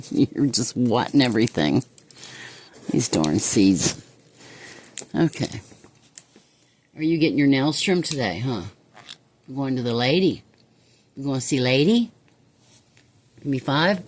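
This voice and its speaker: A woman's voice: very deep voice, animated, slow pace, long pauses, darkish tone, a little hiss or hum. A woman at home talking to her pet parrot in affectionate, coaxing baby talk, often chuckling as she speaks. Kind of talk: casual chat to a pet. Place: indoors at home.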